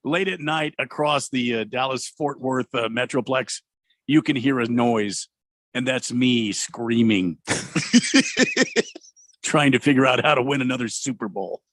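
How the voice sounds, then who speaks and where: A man's voice: medium pitch, normal speed, fairly bright tone, no room sound. A man co-hosting a radio sports show, telling a story while laughing in casual talk. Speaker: radio co-host. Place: radio studio.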